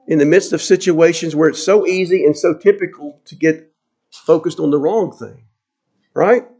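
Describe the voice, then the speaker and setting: A man's voice: fairly high pitch, moderate pace, dark tone. A man preaching a sermon to his congregation, earnest and emphatic, often repeating key phrases for weight. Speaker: pastor.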